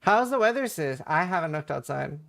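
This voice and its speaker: A man's voice: a little high, lively intonation, a little fast, gravelly, a bit bright. A man streaming, chatting casually and rambling through a funny story with laughs. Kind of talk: casual livestream chat.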